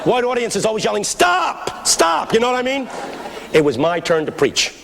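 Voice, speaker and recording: A man with a Philadelphia accent preaching a comic, storytelling sermon, shouting refrains to the crowd. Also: high-pitched, fast talker, vocal fry. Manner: animated, shouting refrains, audience laughter. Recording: echoey hall with faint noise.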